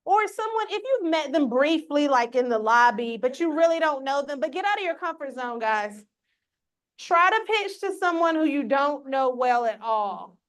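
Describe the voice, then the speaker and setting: A woman with a somewhat high voice leads a live workshop, speaking straight to the people in the room. Her manner is upbeat and coaching, with an encouraging push behind it. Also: lively intonation, moderate pace. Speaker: workshop presenter. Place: conference room with a live audience. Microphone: on a mic, recorded for a hybrid audience.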